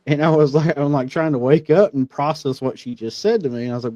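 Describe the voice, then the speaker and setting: A man hosting a casual conversation, telling a personal story in an earnest way that grows animated as he retells events. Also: a little high, fast talker, hardly any pauses, dry recording. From Missouri. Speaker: podcast host. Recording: slightly dull, lo-fi audio.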